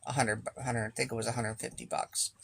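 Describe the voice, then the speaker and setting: A man's voice: mid-range voice, little pitch movement, fast talker, vocal fry, a bit bright, slightly rough. A man telling a casual, rambling story as a sailing vlogger, swearing freely and acting out what people said. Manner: rambling, profane, acts out quoted speech.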